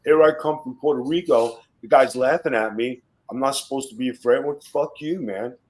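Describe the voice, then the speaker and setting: A man in his fifties, a former wrestler, swaggers through casual podcast stories. His delivery is blunt and heavy with profanity, and his voice sits at an ordinary middle pitch. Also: fairly even intonation, a little fast, darkish tone, poor audio.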